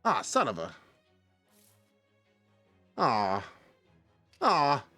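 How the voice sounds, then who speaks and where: A man's voice: medium pitch, huge pitch swings, drawn-out words, sharp tone, no echo, soft background music. A man streaming live, chatting casually and arguing a point with his chat, addressing viewers by name.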